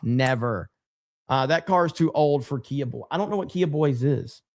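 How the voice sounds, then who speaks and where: A man's voice: mid-range voice, moderate pace. A man hosting a casual live stream, rambling and reading viewer chat aloud. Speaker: livestream host.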